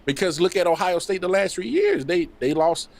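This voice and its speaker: A man co-hosting a sports podcast, talking in a casual, slangy, animated way. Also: sits high, moderate pace, creaky. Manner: animated, slangy, laughs and acts out voices. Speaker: podcast co-host.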